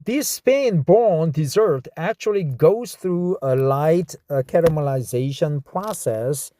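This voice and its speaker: A man from South Korea, whose first language is Korean, practicing an English script aloud with a Korean accent, slowly repeating words and phrases and correcting himself mid-word. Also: on the high side, lively intonation, mellow, a little hiss or hum. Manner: slow, repeats words and phrases over and over to drill them. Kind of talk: reading practice with self-commentary.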